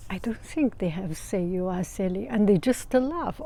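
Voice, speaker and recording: A woman from China, an art teacher telling a casual story, halting as she searches for words and often breaking into soft laughter. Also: medium pitch. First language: Mandarin Chinese.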